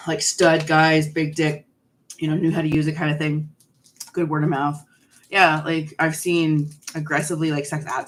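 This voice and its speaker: A woman's voice: sits low, flat delivery, normal speed, slight background noise. A woman in her forties hosting a live stream, chatting candidly and answering viewers' questions while snacking on candy. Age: 40s.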